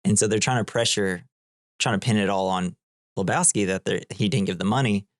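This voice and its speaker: Rambling, low-voiced podcast host. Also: male voice, fairly quick, dry recording, clean studio sound. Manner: rambling plot recap full of "like", acting out quotes. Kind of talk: casual movie-podcast chat.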